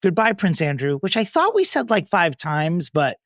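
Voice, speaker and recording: A young man co-hosting a casual comedy podcast, trading dry and profane asides. His voice sits a little high. The sound is close and dry, with no room around it. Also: very animated, moderate pace, a bit bright, dry recording. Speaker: podcast co-host.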